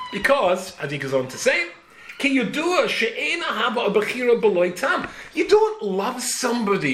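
A man's voice: high-pitched, fairly bright tone. A man in his seventies giving a Torah lecture, full of rhetorical questions and dry humor. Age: 70s. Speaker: rabbi teaching a Torah class. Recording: echoey room, faint ambience.

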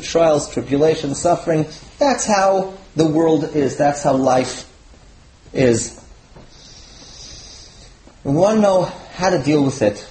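A man, a rabbi, teaching a Torah class to students with animated delivery, his voice leaping when he voices quoted sages. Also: a little high, echoey room, poor audio.

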